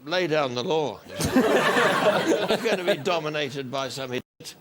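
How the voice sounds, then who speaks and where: An older Australian man spins a wry, unhurried anecdote at a slow, deliberate pace. His voice sits a touch higher than usual, and the television studio recording carries clear background noise. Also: expressive. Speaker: chat show guest. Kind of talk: anecdotal chat show talk.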